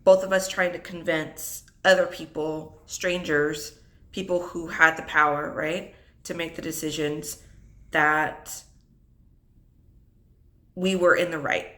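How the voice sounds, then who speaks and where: A woman's voice: sits low, level tone, slow, pauses often, pushed and bright. A young adult woman telling an unscripted personal story about her divorce, reflective and holding back tears. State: tearful. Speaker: single mother vlogger.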